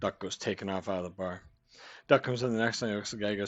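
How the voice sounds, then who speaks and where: A man's voice: on the low side, fast, no room sound. A man with an American accent, hosting a reaction video and telling a rambling, easygoing joke. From United States. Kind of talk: casual reaction commentary.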